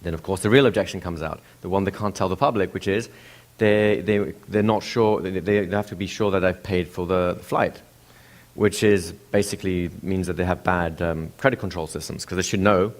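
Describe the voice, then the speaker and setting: A man giving a lecture, telling a story with rhetorical questions to the audience in an animated way. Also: low-pitched, normal speed. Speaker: seminar presenter.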